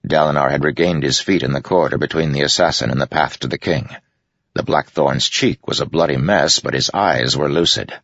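Very deep gravelly male narrator. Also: fairly bright tone, dry recording, dull audio. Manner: measured, dramatic reading. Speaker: audiobook narrator. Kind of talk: scripted narration.

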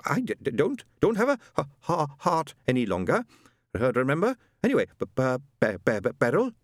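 A man's voice: medium pitch, wildly swooping pitch, brisk, no echo, studio quality, pitched above the performer's own voice. A man voicing the ghost of a henpecked older husband who stammers heavily. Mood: nervous. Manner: heavy stammer.

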